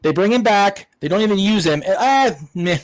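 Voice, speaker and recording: A man's voice: high voice, lively intonation, moderate pace, no room sound, low-quality recording. A man hosting a wrestling watch-along, ranting casually with profanity and stammered restarts. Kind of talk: casual online chat.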